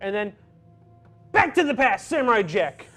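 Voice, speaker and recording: High-voiced man recapping a show. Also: soft background music. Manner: animated, acts out characters in quick impressions. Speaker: podcast co-host. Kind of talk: casual review chat.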